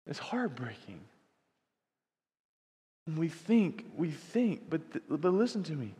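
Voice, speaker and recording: Earnest pastor guy preaching, goes big and loud then real quiet, long echo around him. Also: a little high, expressive, measured pace. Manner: earnest, swings from loud emphatic to soft and hushed. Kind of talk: sermon. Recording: long hall reverb.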